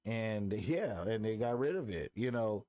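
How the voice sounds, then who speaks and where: A man co-hosting a casual podcast chat, an animated storyteller who acts out quotes. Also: on the low side, a little slow. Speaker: podcast co-host.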